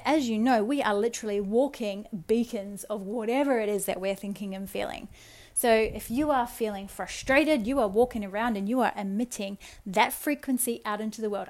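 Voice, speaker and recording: Soft-spoken, earnest woman podcast host. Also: a little high. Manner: soft, earnest, coaxing, slowing for affirmations; addresses listener affectionately. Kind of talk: spiritual self-help talk.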